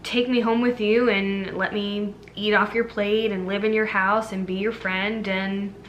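A woman's voice: medium pitch, flat delivery, measured pace, muffled recording, slight background noise, natural voice. A woman voicing a chatty male magic frog in a casual, offhand way, as in a retold fairy tale. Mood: cheerful.

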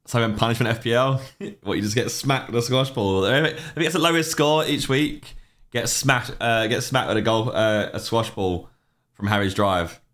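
A man's voice: mid-range voice, moderate pace, fairly bright tone. A young man, casually chatting on a livestream, rambling and reacting to chat messages with offhand opinions.

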